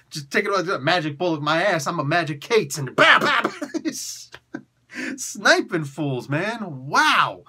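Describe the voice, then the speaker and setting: Excitable high-voiced man reviewing comics. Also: slightly rough. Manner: excitable, laughing, slangy, does quick voices. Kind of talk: animated comic review rant.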